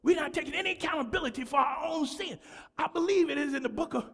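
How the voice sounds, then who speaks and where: A man preaching a sermon to a church congregation, fervent and repetitive, often breaking into shouts. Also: very high voice, fast, gravelly. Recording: long hall reverb.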